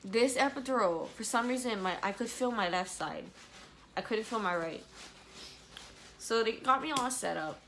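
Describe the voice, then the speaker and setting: A woman's voice: a little high, moderate pace, sharp tone, a little hiss or hum. Emotional young woman recounting a birth story. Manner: candid, emotional, sometimes tearful and apologetic. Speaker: vlogger. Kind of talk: personal storytelling vlog.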